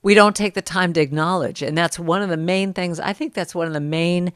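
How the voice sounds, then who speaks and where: A middle-aged woman telling stories as a guest in a casual podcast conversation, lively when she quotes others. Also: fairly low pitch, brisk, clean tone, no room sound, studio quality. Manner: storytelling, animated when quoting others.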